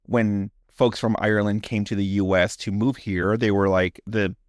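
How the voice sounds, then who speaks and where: A man's voice: on the low side, flat delivery, normal speed, dry recording, studio quality. Chatty male podcast host, laughing often. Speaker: podcast co-host and story narrator. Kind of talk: casual chat and dramatic story narration.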